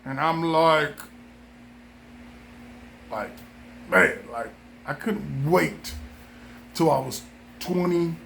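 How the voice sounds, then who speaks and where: A man's voice: fairly high pitch, extremely slow, vocal fry, long pauses, fairly bright tone, slight background noise. A man from Southern California talking straight to camera in a casual, joking, rambling monologue, repeating himself for laughs. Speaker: vlogger.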